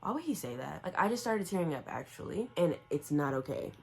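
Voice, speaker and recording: A young woman in a casual reading vlog, speaking quickly in a low register. She rambles in a chatty way, full of fillers, and slips into the characters' lines as she recaps. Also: big pitch swings, creaky, darkish tone. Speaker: book vlogger.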